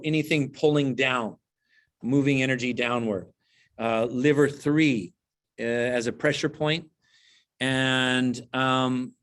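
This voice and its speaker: A man speaks in a middle-range voice, calm and explanatory, pausing with small fillers as he works through an answer. He sounds like a teacher on a video call. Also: medium pitch. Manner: relaxed, explanatory, thinks aloud with fillers. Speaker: qigong teacher. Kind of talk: casual advice on a video call.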